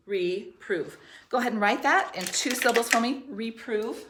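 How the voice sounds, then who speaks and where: A woman teaching third graders a spelling lesson, dictating words slowly and clearly in an encouraging way. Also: fairly high pitch, a bit bright. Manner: slow, clear, encouraging classroom delivery. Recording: roomy echo.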